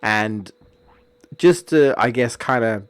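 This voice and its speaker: A man's voice: medium pitch, takes it slowly, clear, resonant tone, no room sound. A man, streaming and chatting casually, rambling with many fillers and restarts. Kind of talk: casual chat about a story.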